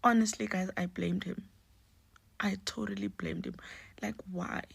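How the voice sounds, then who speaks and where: A young woman telling a personal story in a hushed, often half-whispered voice, slipping Nguni words into her English. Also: mid-range voice, sing-song, measured pace, gravelly, husky. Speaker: storyteller vlogger.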